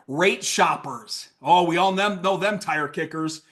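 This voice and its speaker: A man leading a sales training call, energetic and playful, acting out sales lines with lots of hype. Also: fairly high pitch, a little slow, hardly any pauses. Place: video call. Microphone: video call mic.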